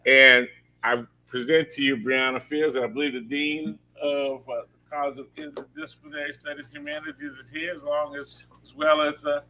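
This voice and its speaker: A man's voice: a little high, animated, normal speed, pushed and bright, a little hiss or hum. A man, a university official, formally introducing a student at a board meeting and reading a prepared tribute with occasional filler-laden asides.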